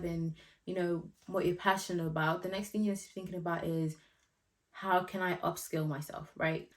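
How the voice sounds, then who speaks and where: A woman in her twenties, from Nigeria, giving job-search advice in a casual, chatty vlog with lots of asides. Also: on the low side. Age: 20s. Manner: chatty and direct, many asides and fillers.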